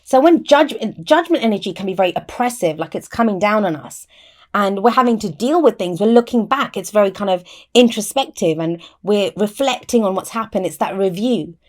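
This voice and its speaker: A woman's voice: medium pitch, lively intonation, fairly quick, darkish tone. A woman giving a casual tarot reading to camera, chatty and explaining each card, often restarting her sentences, with a microphone close by. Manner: chatty, explains cards with frequent restarts and "I always say". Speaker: tarot reader. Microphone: mic within reach of her arm.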